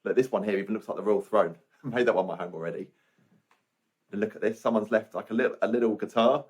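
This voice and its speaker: A man's voice: fairly low pitch, fast talker, a little mellow, husky, dry recording. A young man talking chattily and cheerfully to a handheld camera while vlogging a hiking trip, with a self-mocking humour. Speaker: travel vlogger. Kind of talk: hiking travel vlog chat.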